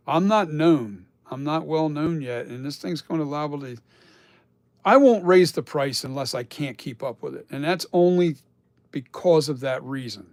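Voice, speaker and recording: Gravelly, rambling man on a live stream. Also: on the high side, moderate pace, no echo. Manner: rambling, chatty, swears casually, laughs often. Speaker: mask sculptor on a live stream. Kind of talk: casual live-stream chat.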